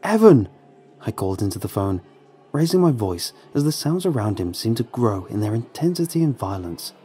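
A man reading a horror story aloud as a scripted narration, with measured, tense storytelling. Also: fairly low pitch, sing-song, dark tone.

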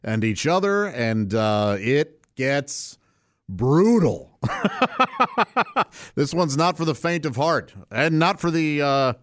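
Chatty, lively man hosting. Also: a little high, slow pace, dry recording, clean studio sound. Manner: chatty, rambling, laughs often. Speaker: podcast host. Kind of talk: casual solo podcast segment.

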